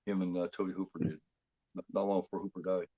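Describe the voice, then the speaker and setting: A man chatting casually during a movie watchalong, rambling and halting with lots of fillers and restarts. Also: deep voice, flat delivery, muffled recording, heavy background noise. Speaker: guest co-host.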